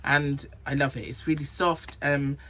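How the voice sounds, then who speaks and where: A woman's voice: very deep voice, flat delivery, measured pace, fairly bright tone, slight background noise. A woman hosting a knitting podcast, chatting casually about her projects and counting rows and sizes under her breath. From Cornwall. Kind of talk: casual chat.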